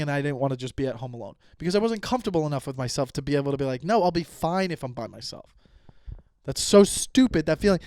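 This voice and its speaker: A man in his thirties hosts a solo comedy podcast, drifting from tangent to tangent with plenty of swearing and frequent restarts. His voice sits a little high for a man. It sounds close and dry, with no room echo. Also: darkish tone, smooth. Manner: profane, self-interrupting, goes off on tangents. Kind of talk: rambling solo podcast monologue. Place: at home, lying down.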